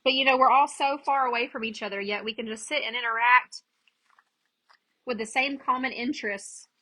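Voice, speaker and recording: Woman, 30s, live craft-demo host; chatty, slightly high, bright and punchy. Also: fairly quick, low-quality recording. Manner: chatty, greets viewers by name while working.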